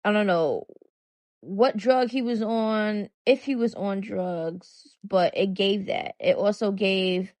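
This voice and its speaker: A woman's voice: mid-range voice, takes it slowly, darkish tone, no room sound. A woman giving casual commentary on a clip, chatty and hesitant with many fillers. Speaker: commentary channel host.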